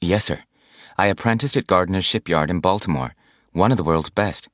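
A man voicing an earnest young male sailor in an audiobook, his tone pleading and excitable. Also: low voice, normal speed, no echo, studio quality, lightly acted. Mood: eager. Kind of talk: audiobook character voice.

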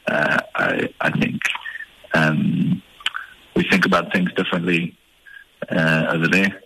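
Guy, deep fry-ish voice, bright and a bit raspy, laid back comedian on the radio. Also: takes it slowly, a little hiss or hum, rough recording. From Eastern Cape, South Africa. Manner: relaxed, hesitant, self-deprecating. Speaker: stand-up comedian guest. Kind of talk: radio interview. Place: radio studio.

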